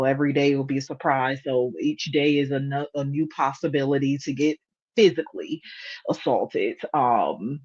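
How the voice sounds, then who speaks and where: A woman's voice: low voice, darkish tone, slightly rough, highs cut off. A woman hosting a casual reaction video, blunt and sarcastic in her commentary.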